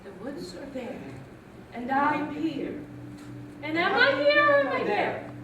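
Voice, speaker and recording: A woman's voice: very high-pitched, sing-song, unhurried, lo-fi sound, noisy background, full character voice. An actress playing a frightened young woman lost in the wild woods, pleading and repeating herself in a stage play. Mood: fearful. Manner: anxious, pleading, repetitive stage speech. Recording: echoey stage audio from a distant mic.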